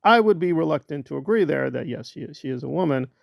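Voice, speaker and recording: A man hosting a sarcastic, comedic commentary, mocking his subjects with drawn-out emphasis. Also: on the high side, animated, vocal fry, no echo, clean studio sound. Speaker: commentary channel host.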